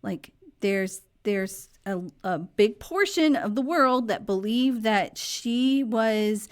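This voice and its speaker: A woman, hoarse and losing her voice, giving her opinions in a casual, chatty vlog. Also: medium pitch, animated, slow. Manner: chatty, opinionated, faith-focused. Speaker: vlog host.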